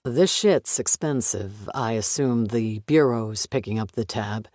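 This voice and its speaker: A man voicing a forty-something retired FBI agent, speaking slow, low and sardonic. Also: a little mellow, no echo, clean studio sound, close to an everyday voice. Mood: guarded.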